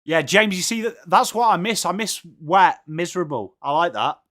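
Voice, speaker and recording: A man's voice: high-pitched, expressive, normal speed, fairly bright tone. An English man hosting a casual live watchalong from home, chatting and greeting viewers by name. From England. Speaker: livestream host.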